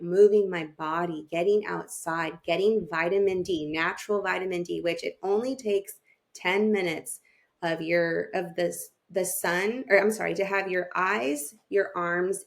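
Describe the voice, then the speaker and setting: A woman's voice: on the low side, creaky. A woman who works as a family therapist, a podcast guest telling her own story openly and with feeling, acting out what she thought at the time. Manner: open and emotional, acts out her own past thoughts. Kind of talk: candid personal storytelling.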